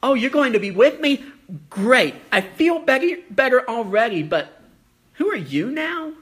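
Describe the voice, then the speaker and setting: A preacher voicing a nervous, sarcastic man, high and bright with incredulous questions. His voice jumps up in pitch and swings around as he needles for a name. It is animated retelling in a sermon. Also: drawn-out words, full character voice.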